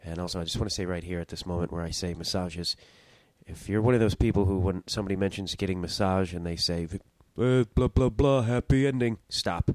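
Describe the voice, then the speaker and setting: A man's voice: sits low, steady tone, fast talker, no room sound. A young man hosting his own podcast, telling a story in a rambling, self-interrupting way and swearing casually. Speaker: podcast host.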